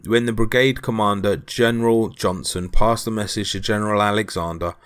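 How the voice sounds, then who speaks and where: A man with a fairly low voice narrating a war story for a podcast. He speaks loosely and conversationally, filling pauses with ums and breaking off for his own asides to the listener. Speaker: podcast host. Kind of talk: casual history storytelling.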